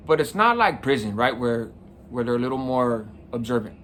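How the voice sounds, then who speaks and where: A man's voice: medium pitch, animated, normal speed, fairly bright tone, a little hiss or hum. Middle-aged man telling a story casually. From San Mateo County, California. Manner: casual, conversational, often adds "right?". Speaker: podcast host. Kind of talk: personal storytelling.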